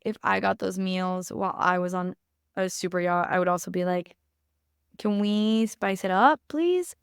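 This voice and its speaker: A woman's voice: mid-range voice, smooth, no room sound, clean studio sound. A young woman hosting a podcast, giving blunt, opinionated takes in a casual recap and swearing freely. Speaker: podcast host.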